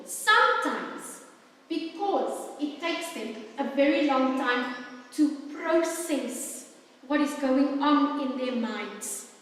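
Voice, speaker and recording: High-voiced chatty woman in an echoey hall. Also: recorded from a distance. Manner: warm, chatty and playfully animated. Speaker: workshop presenter. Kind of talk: speaking to a workshop audience.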